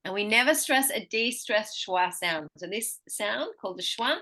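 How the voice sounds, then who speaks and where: A woman teaching pronunciation one-on-one, patiently modeling words slowly and clearly for her student. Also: medium pitch, expressive, bright, forceful tone.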